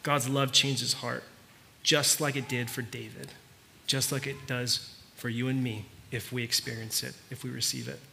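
A man preaching, telling a story in a conversational way that turns quiet and earnest. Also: mid-range voice, little pitch movement, moderate pace, creaky, few pauses, a little hiss or hum. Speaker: pastor. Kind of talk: sermon.

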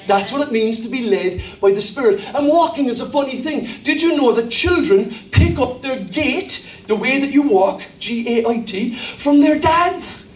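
High-voiced Cork Irish pastor preaching. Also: male voice, reverberant, recorded from a distance, a little hiss or hum. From Ireland. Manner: humorous storytelling, animated impressions. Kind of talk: sermon.

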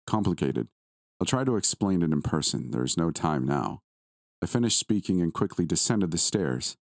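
Deep-voiced man narrating a horror story. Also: no room sound, studio quality. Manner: measured, grave storytelling.

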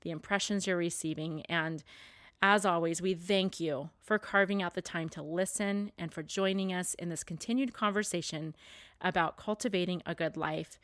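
A woman's voice: lowish voice, moderate pace, a bit bright, dry recording, studio quality. A woman hosting a podcast, giving a grateful, heartfelt sign-off to listeners. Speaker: podcast host. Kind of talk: podcast outro.

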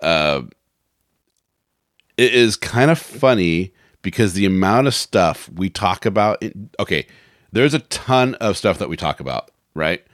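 Low-voiced, rambling podcast host man. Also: expressive, a little slow, no room sound, studio quality. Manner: rambling, laughs often, restarts. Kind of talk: casual podcast chat.

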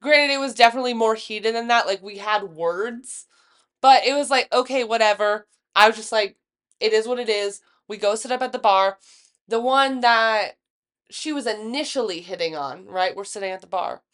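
A young woman co-hosts a casual podcast chat with a slightly high voice. She tells stories with animated energy, acting out what each person said and swearing freely. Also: normal speed. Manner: animated storyteller, swearing, acts out quotes. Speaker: podcast co-host.

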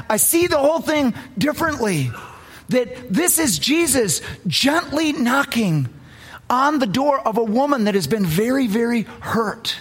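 A woman's voice: mid-range voice, breathy edge. A woman preacher delivering a sermon, telling a story with earnest swells and drops in emphasis.

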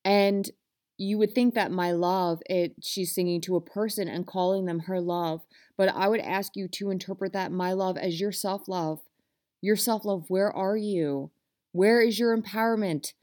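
A woman's voice: mid-range voice, fairly even intonation, normal speed, darkish tone. A woman with an ordinary mid-range voice delivers a motivational self-help talk. She speaks straight to her listeners, earnest and passionate. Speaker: self-help podcast host.

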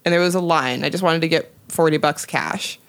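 A woman's voice: low voice, fairly quick, a bit bright, no echo. A woman hosting a podcast in easygoing casual chat who laughs often. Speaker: podcast host.

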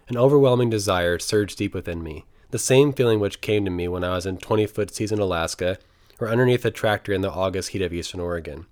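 A young man reading his own travel memoir aloud in an earnest, reflective storytelling manner. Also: on the low side. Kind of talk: memoir narration read aloud.

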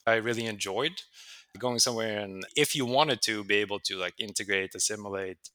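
Swede telling stories, bright dry voice. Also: male voice, on the low side, a little fast, no echo. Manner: animated, acts out quoted voices. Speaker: interview guest. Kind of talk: conversational storytelling.

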